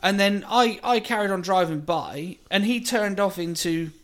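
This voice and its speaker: A high-voiced man telling a road story on a casual podcast. He swears freely and acts out every side of the argument himself. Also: moderate pace, a bit bright. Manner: swearing anecdote teller, acts out both sides of a row. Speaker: podcast co-host.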